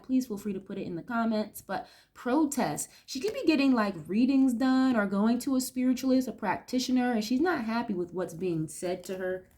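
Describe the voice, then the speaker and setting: Young woman hosting a tarot reading, a bit high-pitched, blunt and profane, reacts aloud to each card. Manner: blunt, swears freely, reacts aloud to the cards. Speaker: tarot reader. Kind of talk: casual card-reading commentary.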